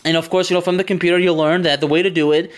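A podcast host with a somewhat raised pitch talks through a game level from memory. He wanders off on tangents and doubles back often. His delivery is casual and chatty, and he laughs easily. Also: level tone, very fast.

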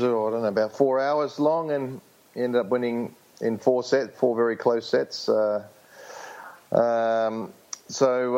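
A man from Australia in his fifties, a guest coach answering interview questions in a relaxed, hesitant way with many fillers. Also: mid-range voice, lo-fi sound. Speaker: guest, former tennis champion and coach.

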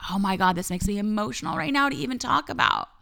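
A woman's voice: mid-range voice, lively intonation, fast talker, vocal fry, sharp tone. A woman life coach hosting her podcast, giving a candid, reflective personal monologue and swearing freely.

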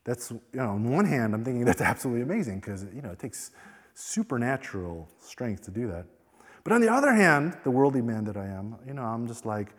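A man's voice: medium pitch, big pitch swings, a little fast. Male preacher, mid-range voice, chatty anecdotal delivery, recorded in a hall with long reverb. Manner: conversational storytelling, frequent "you know". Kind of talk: sermon.

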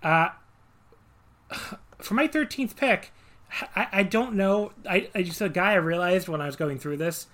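A man hosting a casual podcast over a voice call, quick and joking as he calls on each guest. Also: high-pitched, fairly bright tone. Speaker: host running a wrestling draft.

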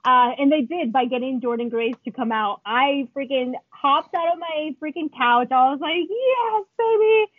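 A woman wrestler co-hosting a podcast, chatting excitedly and laughing often, acting out what she was thinking. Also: high-pitched, normal speed, hardly any pauses, husky, no room sound. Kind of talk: casual chat. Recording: tinny phone-like sound.

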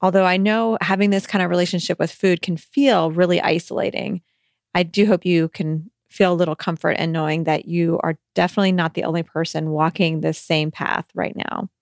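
A woman's voice: on the low side, steady tone, a little fast, creaky, no echo, studio quality. A woman hosting a podcast, reading a listener's letter aloud and then giving reassuring, conversational advice with some hesitant restarts.

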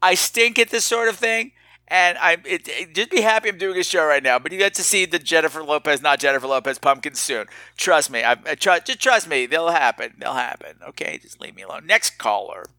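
A man hosting a podcast, telling a rambling, self-mocking story in a casual, animated way. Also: fairly high pitch, brisk, no room sound. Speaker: podcast host.

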